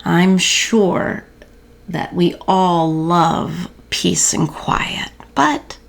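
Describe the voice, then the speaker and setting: A woman reading a children's story aloud in a gentle storytelling manner with expressive pauses. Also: lowish voice, creaky, in a whisper.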